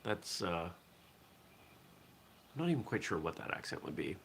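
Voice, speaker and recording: A man from southern Maine hosts a relaxed morning stream. His voice sits fairly low but has a bright, forceful edge. He rambles easily and answers viewer comments as he goes. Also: moderate pace, creaky, breathy edge. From southern Maine, USA. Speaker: host of a martial arts morning show. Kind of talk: casual live-stream chat.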